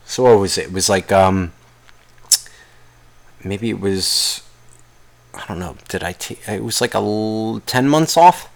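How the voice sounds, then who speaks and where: A man's voice: fairly low pitch, a little slow, vocal fry, pauses often. A man hosting his own podcast alone, ranting angrily in a rambling, profanity-heavy way. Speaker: podcast host. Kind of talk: solo podcast rant.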